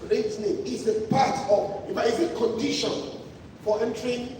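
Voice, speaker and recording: A man's voice: extremely high pitch, steady tone, moderate pace, warm tone. A man preaching a sermon, emphatic and repetitive, often restarting his phrases. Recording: echoey hall from far off, noisy.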